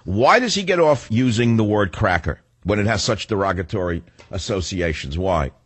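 A man's voice: on the low side, lively intonation, moderate pace, slightly rough, dry recording. An older man hosting a talk radio show, delivering a combative, sarcastic, rambling monologue.

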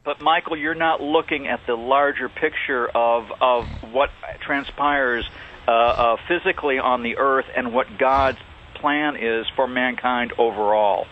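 A man calling in to a talk radio show, speaking earnestly and haltingly. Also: mid-range voice, steady tone, a little hiss or hum. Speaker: caller. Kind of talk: call-in talk. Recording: tinny phone line.

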